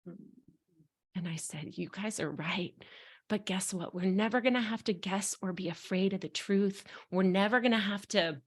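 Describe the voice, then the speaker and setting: A woman's voice: medium pitch, moderate pace. Earnest middle-aged woman telling a personal story. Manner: earnest, frank, openly emotional. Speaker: authenticity coach, guest. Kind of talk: candid personal storytelling in conversation.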